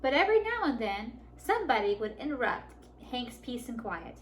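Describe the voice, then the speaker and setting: A woman reading a picture book aloud to children at a library storytime, warm and animated. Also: on the high side, fairly quick. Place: public library.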